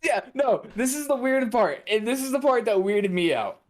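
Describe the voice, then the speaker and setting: A man's voice: very high voice, animated, moderate pace. A man co-hosting a podcast, telling a profane story in casual chat. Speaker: podcast co-host.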